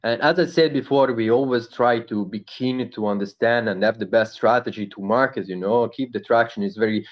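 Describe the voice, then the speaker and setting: Italian-accented man, halting speech. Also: mid-range voice, dull audio. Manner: halting, searching for English words, many fillers. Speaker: project founder answering questions. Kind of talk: casual live Q&A talk.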